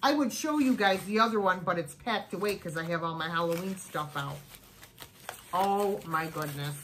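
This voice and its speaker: A woman's voice: on the low side, normal speed, fairly bright tone, a little hiss or hum, low-quality recording. A woman chatting at home in a casual haul video, gushing over each thing she unpacks. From United States. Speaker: thrift vlogger.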